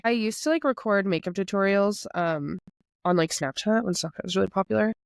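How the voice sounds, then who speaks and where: A woman's voice: mid-range voice, a little fast, creaky, smooth, no echo, clean studio sound. A young woman in her twenties, a makeup creator, telling rambling stories in casual chat with lots of "like". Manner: animated storyteller, rambling with lots of "like".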